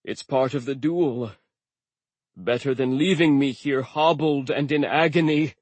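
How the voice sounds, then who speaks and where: A man voicing a wounded male stone giant who croaks out slow, spiteful threats in a storybook reading. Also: mid-range voice, a little mellow, no room sound, natural voice. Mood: mocking menace. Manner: slow, sneering and menacing.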